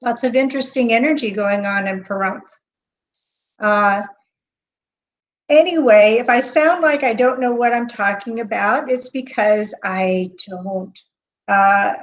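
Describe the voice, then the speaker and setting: Slow, hesitant woman on a lo-fi stream. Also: fairly high pitch. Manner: hesitant, with frequent pauses and fillers; greets chat viewers by name. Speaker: medium hosting a live stream. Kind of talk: unscripted live-stream talk. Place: indoor room. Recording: dull lo-fi webcam audio.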